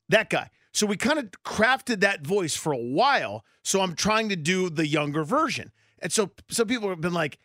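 Male radio co-host, lively swooping delivery, dry studio mic, playful rambler. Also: high-pitched, moderate pace, few pauses, no room sound. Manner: animated, playful, rambling explanations. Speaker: radio sports show co-host. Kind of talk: casual radio chat. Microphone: studio microphone.

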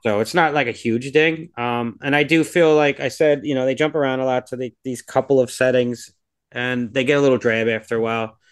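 This man has a mid-range, clear, resonant voice with a steady tone, and he speaks fairly quickly. Co-hosting a podcast, he reviews a film in casual chat, rambling and hedging his views with plenty of fillers like "like" and "you know."

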